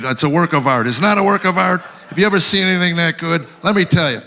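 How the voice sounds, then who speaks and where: A man doing stand-up on an awards show stage, spinning wry stories about home life. His voice is bright and sits a little high. He slips in quick character voices for his punchlines. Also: vocal fry, slight background noise. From Tennessee, USA. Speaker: stand-up comedian. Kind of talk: live stand-up routine.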